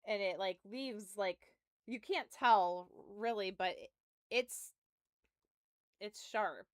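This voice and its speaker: A young adult woman game streamer tells a story from home, chatting casually with laughter and profanity, close to her mic. Her voice is mid-range and clean-toned, she speaks slowly, and there's no room sound.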